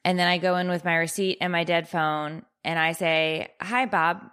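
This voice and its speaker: A woman co-hosting a podcast, telling an exasperating story in a casual, profane, deadpan-sarcastic way. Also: on the low side, normal speed, smooth. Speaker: podcast co-host.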